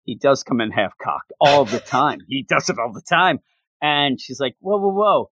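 A man's voice: mid-range voice, normal speed, a bit bright, no echo. A man and podcast co-host, animatedly retelling a story in casual chat and acting out the characters' lines. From North America. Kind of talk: casual chat recapping a comic.

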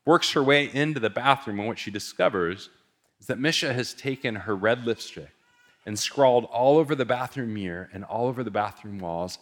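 A man's voice: mid-range voice, normal speed, fairly bright tone. A male pastor telling a story in a sermon, casual and conversational, with lots of filler words.

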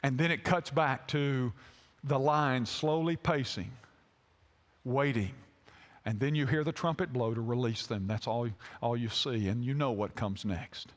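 A man preaching a sermon as a pastor, telling a story haltingly with many fillers. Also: mid-range voice. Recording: long hall reverb.

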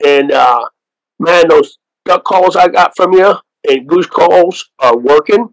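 A man's voice: fairly high pitch, takes it slowly, no echo, rough recording. A man from Oklahoma, a waterfowl outfitter and guest, telling stories in an easygoing way and laughing often. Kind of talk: casual interview chat.

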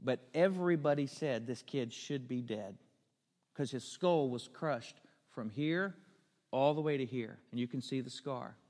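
A man's voice: medium pitch, a little slow, a little mellow. A man preaching a storytelling sermon, earnest and building to emphatic questions. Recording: long hall reverb.

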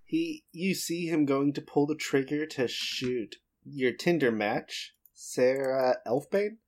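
A man running a tabletop game as game master, calmly explaining rules and outcomes. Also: medium pitch, slow.

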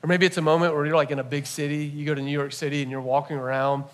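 Male pastor, slightly high voice, casual animated sermon delivery with playful asides. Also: very fast. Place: church service.

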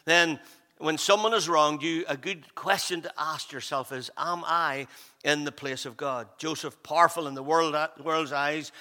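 Guy preaching, bright sharp voice, big hall echo, chatty, keeps asking "all right?". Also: fairly high pitch. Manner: conversational, often asks 'all right?' to the congregation. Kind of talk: sermon. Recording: long hall reverb.

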